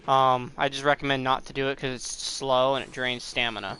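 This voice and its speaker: With hardly any pauses, a young man talks at normal speed in a sharp, mid-range voice that barely shifts in pitch, a little hiss or hum in the background. It's a casual let's play in which he rambles, curses the game, and lets out frustrated outbursts.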